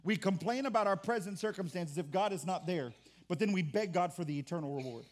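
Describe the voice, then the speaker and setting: A pastor with a high voice and a drawl delivers a sermon in a conversational style, restarting his lines often. He's animated and brisk, and he acts out churchgoers' complaints in mock voices.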